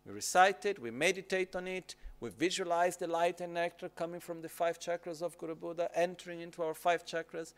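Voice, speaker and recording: Calm, softly higher-voiced man teaching meditation. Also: a little fast, few pauses, smooth. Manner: calm, repetitive instructive phrasing, checks in with "okay?". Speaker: Buddhist teacher. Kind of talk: dharma teaching on retreat.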